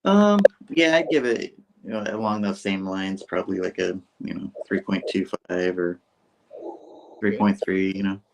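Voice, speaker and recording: A man's voice: sits low, moderate pace, gravelly, low-quality recording. A man co-hosting a casual show, loosely retelling a comic story with lots of fillers. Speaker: co-host reading a comic aloud. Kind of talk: casual podcast chat, recapping a comic.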